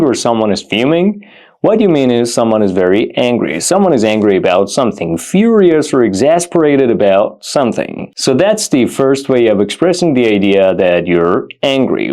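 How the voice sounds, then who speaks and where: A man explains words in a vocabulary lesson, his pitch swinging up and down with lively emphasis. He repeats each example phrase slowly and deliberately so learners can follow. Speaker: English teacher.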